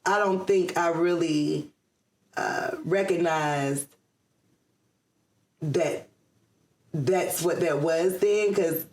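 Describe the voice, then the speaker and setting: A woman's voice: lowish voice, extremely slow, long pauses, a little mellow. Woman from atlanta chatting on a podcast, laughs a lot, says um a bunch, echoey room. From Atlanta area, USA. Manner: chatty, laughs often, many ums. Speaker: guest. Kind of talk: casual interview chat.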